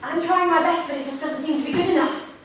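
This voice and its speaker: A woman's voice: very high voice, fairly even intonation, fast talker, fairly bright tone. An actress playing a strained wife and mother who sounds tense and weary, in a stage drama. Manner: tense and weary, fighting to stay composed. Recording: echoey hall from far off, faint noise.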